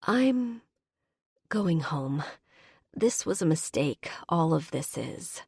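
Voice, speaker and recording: A woman's voice: deep voice, very animated, slow, gravelly, a little mellow, breathy edge, no room sound, studio quality, heavily acted. A woman voicing a hurt but hopeful young human heroine, talking in pleading, emotional lines. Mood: pained.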